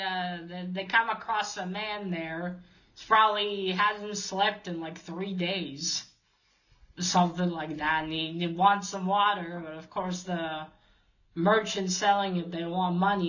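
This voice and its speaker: Slow, hesitant woman with a bright voice. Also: fairly low pitch, muffled recording. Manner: hesitant, many fillers and restarts. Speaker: comic book reviewer. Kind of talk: casual retelling of a story.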